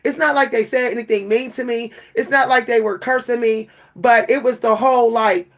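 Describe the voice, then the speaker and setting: A woman's voice: fairly high pitch, steady tone, moderate pace, few pauses. A worn-out woman venting to her camera in an emotional monologue, repeating and stumbling over her words. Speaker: vlogger.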